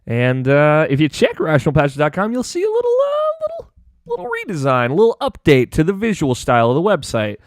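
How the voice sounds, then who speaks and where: A man's voice: on the high side, huge pitch swings, quick pace, no echo, clean studio sound. A man hosting a gaming podcast, chatting casually and rambling with lots of fillers and restarts. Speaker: podcast host.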